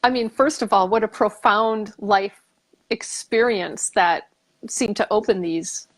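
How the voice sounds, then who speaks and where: A woman's voice: medium pitch, a little slow. A woman hosting a casual talk show, speaking reflectively and thinking aloud with many fillers and restarts. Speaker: podcast host. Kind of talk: casual conversation.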